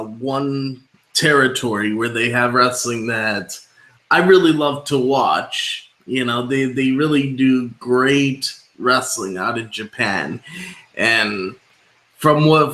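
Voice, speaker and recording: In an echoey room, a podcast host with a bright, forceful, mid-range voice interviews wrestling guests. He asks long, rambling questions, restarting often and filling them with fillers.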